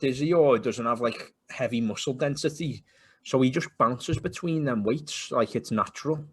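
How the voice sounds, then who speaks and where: A man co-hosting a casual podcast, talking in a laid-back, chatty way and laughing easily. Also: medium pitch. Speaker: podcast co-host. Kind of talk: casual banter about football and MMA.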